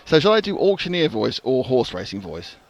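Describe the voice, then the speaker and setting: Man, race commentator, live banter, quick jokes, teasing. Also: medium pitch, sing-song, muffled recording.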